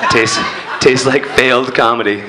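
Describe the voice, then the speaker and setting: A man's voice: mid-range voice, fairly even intonation, unhurried, over a noisy crowd, heavy background noise. A man doing a stand-up set on a comedy club stage into a handheld mic, crude and self-deprecating in his storytelling. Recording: echoey club room.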